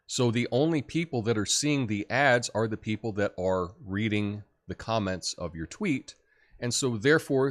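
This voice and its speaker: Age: middle-aged. Sex: man. Role: talk show host. Pitch: animated, swooping. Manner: chatty, opinionated, full of fillers. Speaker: host of a political commentary show. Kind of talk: casual solo commentary.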